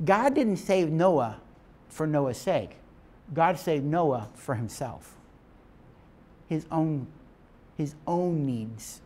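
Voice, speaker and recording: A man's voice: fairly high pitch, animated, measured pace, a little mellow. A man giving a lecture to couples, speaking in an emphatic, preacher-like way and asking his class questions. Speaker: marriage teacher.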